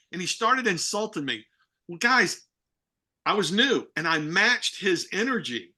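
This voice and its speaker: Male guest on a video call: vivid storyteller, bright forceful tone, voices the other people in his anecdotes. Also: sits high, normal speed. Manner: animated storyteller, acts out dialogue, many restarts. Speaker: guest speaker, real estate broker.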